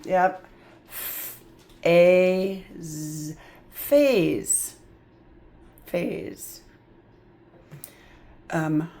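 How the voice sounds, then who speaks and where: In a fairly low, creaky voice with a darkish tone, the reading tutor patiently works through letter and word sounds in a phonics lesson. She keeps up chatty little asides of "yep" and "mm-hmm."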